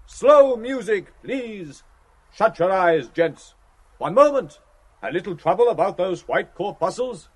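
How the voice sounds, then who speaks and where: A jaunty young Irishman full of mockery, his high voice leaping all over the place as he mock-preaches and teases. He sounds theatrical and lively, like a showman in a radio play. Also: a little slow, breathy edge, heavily acted. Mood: mock-solemn. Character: jaunty mocking young man, playful, theatrical. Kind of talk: radio drama acting.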